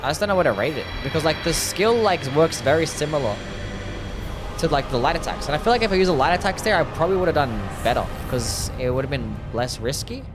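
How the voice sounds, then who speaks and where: A man's voice: on the high side, animated, quick pace, over music. A man chatting casually on a live game stream, rambling with lots of fillers as he answers chat. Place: home desk.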